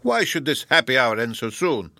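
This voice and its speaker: A man's voice: fairly low pitch, animated, brisk, a bit bright, no echo. A man voicing a passionate, wild-tempered young man in a storybook reading, speaking urgently. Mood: pleading.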